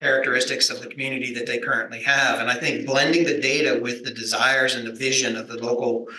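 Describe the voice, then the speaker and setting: A man's voice: mid-range voice, steady tone, fast talker, sharp tone, slight background noise. A man on a conference panel explaining his program in a thoughtful, explanatory way. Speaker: extension program leader. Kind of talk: panel discussion. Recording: echoey conference room.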